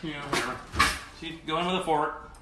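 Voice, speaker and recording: A man hosting a live cooking show, talking in an animated, emphatic, joking way while he cooks. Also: on the high side, fast talker, echoey room, very noisy. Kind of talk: live cooking demo chat.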